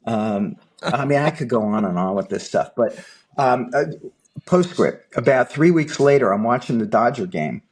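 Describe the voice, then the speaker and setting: An older man, a film producer guest, telling a long anecdote in an animated way and acting out the dialogue. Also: mid-range voice, moderate pace. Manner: lively anecdotal storyteller, acts out dialogue. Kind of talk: animated storytelling.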